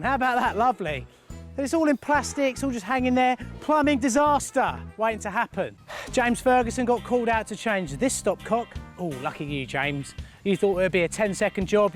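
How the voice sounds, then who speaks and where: A man hosting a plumbing show, chatting casually and jokily about viewers' photos. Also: high voice. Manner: jokey, chatty, laughs often. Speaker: host of a plumbing channel.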